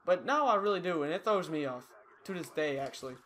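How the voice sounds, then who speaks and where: Bright-voiced young guy rambling over gameplay. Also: on the high side, expressive, fast, a little hiss or hum. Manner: rambling, self-mocking, loose and chatty. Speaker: gaming YouTuber. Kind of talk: casual gameplay commentary.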